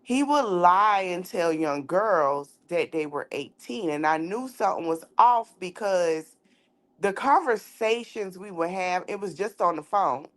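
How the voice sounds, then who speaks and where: A woman's voice: on the low side, measured pace. Outspoken woman podcast host telling a story. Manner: outspoken, animated storyteller acting out dialogue. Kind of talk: candid casual commentary and storytelling.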